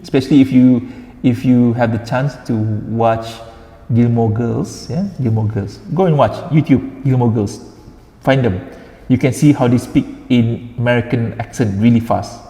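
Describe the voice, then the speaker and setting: A man's voice: medium pitch, moderate pace, warm tone. A man with a Malaysian accent teaching a casual class, chatty, repeating words and slipping into Malay. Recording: echoey room with long reverb.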